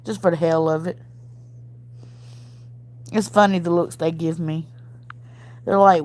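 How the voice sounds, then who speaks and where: A woman's voice: lowish voice, steady tone, unhurried, long pauses, a little mellow. A woman with a Southern US accent hosts a casual livestream, chatting with viewers, calling them y'all and laughing often. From Mississippi, US. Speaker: livestream host reading chat. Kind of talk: casual chat.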